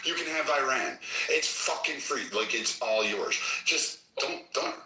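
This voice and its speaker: A man's voice: mid-range voice, expressive, a little slow, roomy sound, distant mic, very noisy. A man hosting a heated political argument, ranting aggressively and swearing constantly. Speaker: host. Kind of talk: heated political argument on a live audio app.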